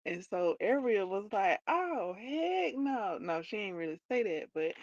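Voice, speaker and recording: A woman's voice: lowish voice, moderate pace, darkish tone, no echo, muffled recording. A woman hosting a livestream, chatting casually about a book and retelling its scenes in her own words with playful asides. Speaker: livestream host.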